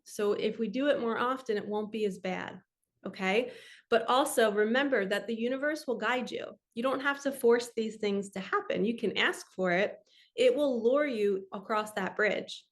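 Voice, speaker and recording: A woman hosting a spiritual talk, telling a personal story in an earnest, heartfelt, chatty way. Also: fairly high pitch. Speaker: spiritual podcast host.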